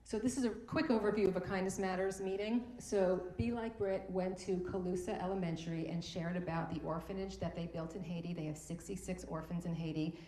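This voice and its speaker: A middle-aged woman tells a personal story on stage, heartfelt and at times close to tears. Her voice is mellow and warm, and it is picked up in a roomy, echoing space. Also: lowish voice, slight background noise. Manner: heartfelt, emotional, repeats words when moved. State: tearful at times. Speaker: speaker at a morning talk event. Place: event room. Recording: echoey room.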